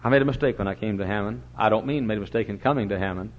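An older man preaching a sermon in a church, telling stories and swinging from booming shouts to low, quiet asides. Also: racing. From Texas. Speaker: pastor. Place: church sanctuary. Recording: dull lo-fi recording.

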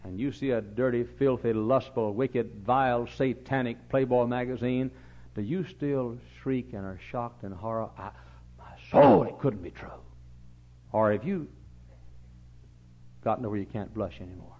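A man preaching a fiery sermon in a church, telling folksy stories and acting out voices, his delivery swinging between quiet asides and loud, lively bursts. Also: mid-range voice, moderate pace. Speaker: pastor. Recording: slightly dull sound.

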